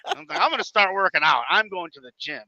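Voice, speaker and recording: A man in his thirties with a Chicago-area accent, a wrestler telling stories on a podcast in an animated way, acting out other people in loud bursts and swearing freely. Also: sits high, fast talker, dry recording. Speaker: independent wrestler, podcast guest. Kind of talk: casual storytelling chat. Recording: dull lo-fi podcast audio.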